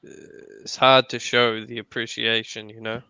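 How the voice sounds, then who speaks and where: A man with a bright, smooth voice talks boxing in a flat, dry manner on a livestream. The sound is close and dry. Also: medium pitch, normal speed, no room sound. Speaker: boxing show co-host. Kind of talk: casual livestream chat.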